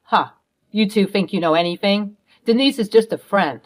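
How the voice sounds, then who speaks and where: A woman's voice: medium pitch, moderate pace, close to an everyday voice. A woman voicing a scheming middle-aged stepfather who stammers and snaps defensively.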